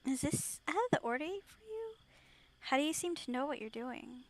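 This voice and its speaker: A woman reading the lines of a shy, eager young heroine from a story game aloud, soft and half-whispered. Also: high-pitched, big pitch swings, a little fast. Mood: coy.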